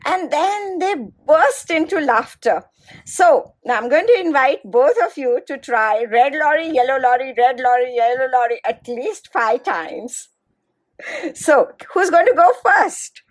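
High-voiced chatty woman storyteller. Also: expressive, a little slow. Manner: chatty, stumbles and repeats words. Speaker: storyteller and podcast co-host. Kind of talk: casual podcast chat.

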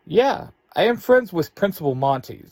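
A man's voice: sits high, very animated, moderate pace, a little mellow, no room sound, pitched above the performer's own voice, exaggerated voice. A man voicing a proud, nonchalant teenage genius in a storybook reading. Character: nonchalant teen boy genius.

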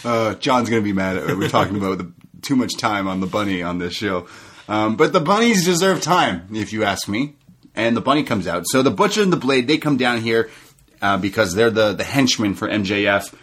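A man co-hosting a casual wrestling recap podcast, animated and laughing often as he recounts the show. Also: lowish voice, fairly quick, husky. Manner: animated, laughs often, quotes wrestlers in raised mock voices. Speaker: podcast co-host.

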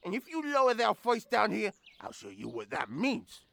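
Garden gnome, furious, gravelly, bright and sharp, audio drama. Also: wildly swooping pitch, normal speed, heavily acted. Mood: outraged. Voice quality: gravelly, swooping pitch. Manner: blustering, threatening, overly formal insults.

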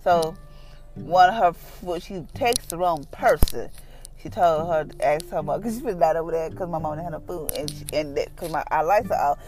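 A middle-aged woman hosting a devotional podcast, talking casually and earnestly and telling her own story in an animated, conversational way. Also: sits low, moderate pace. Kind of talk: casual devotional talk and personal testimony.

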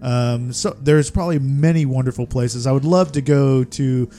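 A middle-aged man co-hosting a casual podcast chat, telling stories in an animated way and laughing often. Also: medium pitch, moderate pace, faint music behind. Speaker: podcast co-host.

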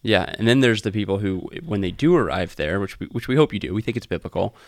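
A man co-hosting a casual theology podcast, talking in a relaxed, rambling way over a phone line. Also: on the low side, fast, dry recording. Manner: relaxed, rambling, self-correcting. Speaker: podcast co-host. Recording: dry phone-line recording.

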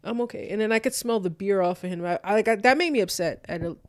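A woman's voice: medium pitch, fast talker, dry recording. Woman telling a personal story, dry close sound. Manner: animated, acts out both sides of quoted dialogue, frequent "like". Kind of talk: casual storytelling.

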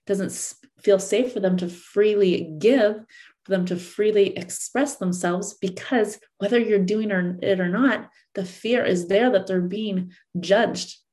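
A woman's voice: medium pitch, fairly even intonation, measured pace, a little mellow. A woman relationship coach giving an earnest coaching talk to listeners, repeating and rephrasing her points. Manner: earnest, repeats and rephrases, acts out angry partners.

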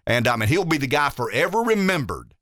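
Emphatic talk radio host. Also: male voice, medium pitch, sing-song, a little fast, a bit bright, no echo, studio quality. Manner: emphatic, repeats words and restarts. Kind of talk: opinionated political talk radio monologue.

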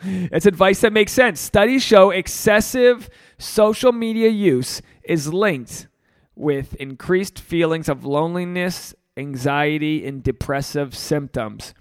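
A man, talking on his own podcast in a loose, rambling way, swearing and joking as he goes. His voice sits a bit high and carries a gravelly fry, and the recording is dry and close. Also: slow pace, no room sound. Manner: profane, rambling, jokey. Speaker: podcast host. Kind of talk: solo podcast commentary.

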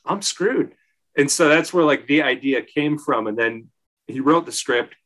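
A man's voice: medium pitch, normal speed, a bit bright. Chatty man telling a film story. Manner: chatty storyteller, leans on "like", acts out quotes. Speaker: podcast co-host. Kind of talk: casual film discussion.

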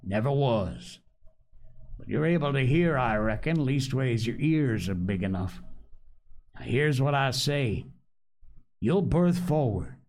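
A man's voice: mid-range voice, animated, slow, pauses often, darkish tone, pitched above the performer's own voice. A man voicing a sly, scornful old pirate cook who talks in a growling pirate dialect.

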